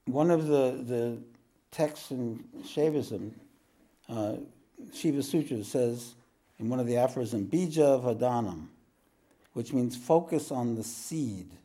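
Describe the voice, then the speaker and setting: A male spiritual teacher speaks slowly to a group in a room. His voice is dark and mellow, and his pace is unhurried. He clears his throat often and wanders into jokes along the way. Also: mid-range voice. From East Coast of the United States. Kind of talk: relaxed spoken teaching to a group.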